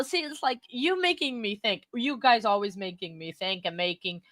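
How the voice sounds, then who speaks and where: A woman hosting a livestream, talking in a rambling, halting way while she has the hiccups. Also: medium pitch, fairly bright tone, no echo. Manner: rambling, self-interrupting, halting. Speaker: livestream host. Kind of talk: casual livestream chat. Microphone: desk microphone.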